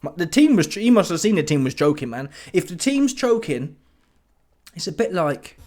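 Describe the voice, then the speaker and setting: A man's voice: on the high side, normal speed. A man, hosting a casual football reaction and ranting in a mocking, slangy way. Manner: animated, mocking, slangy with laughing outbursts.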